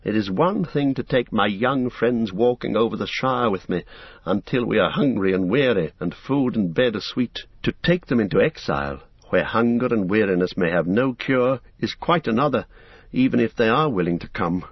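A man voicing an earnest, serious young male hobbit in a measured, grave, thoughtful way while reading an audiobook. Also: lowish voice, expressive, slightly rough, no echo. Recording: dull, dry recording.

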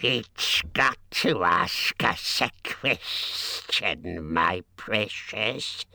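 Gollum, a hissing gravelly cave creature. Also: male voice, fairly low pitch, expressive, pushed and bright, no echo, heavily acted. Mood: wheedling. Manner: drawn-out, sing-song wheedling with sudden squeals. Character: slimy little male cave creature, whining, sly. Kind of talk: audiobook character voice.

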